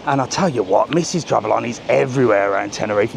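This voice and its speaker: A man's voice: mid-range voice, lively intonation, fast, gravelly, background noise. A British man walking along a busy seafront strip at night, filming a live travel vlog on a small handheld camera, chatting and cracking cheeky jokes with light swearing. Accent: British English. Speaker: travel vlogger. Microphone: small camera carried while walking. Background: street music.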